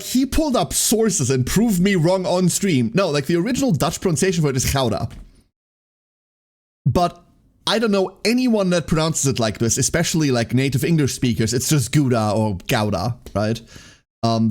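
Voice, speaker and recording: A man's voice: on the high side, very animated, a little fast, a little mellow. A man streaming live, chatting casually with his chat, rambling and often breaking into laughter.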